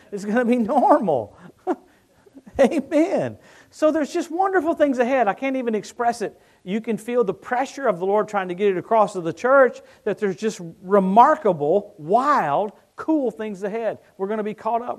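A middle-aged man preaching a sermon, telling stories that swing from hushed tones to excited shouting. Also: high voice.

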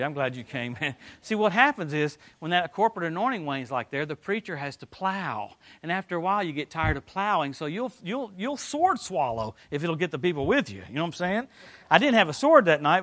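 Lively high-voiced man preaching a sermon. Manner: animated storytelling with laughs and sudden swings in loudness.

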